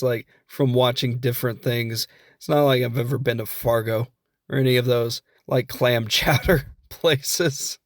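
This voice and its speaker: A man's voice: mid-range voice, no echo, clean studio sound. A man with a Midwestern American accent, hosting a podcast and recapping a film in a rambling, jokey, self-deprecating way. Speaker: podcast host. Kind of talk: casual comedic film recap.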